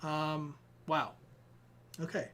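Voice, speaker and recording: A man's voice: a little high, fairly even intonation, very slow, fairly bright tone, slight background noise. A young man chatting casually to his live-stream viewers between sim races, rambling and self-deprecating, tired and sweating. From Ireland. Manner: rambling, self-deprecating, talks to chat while fiddling with gear.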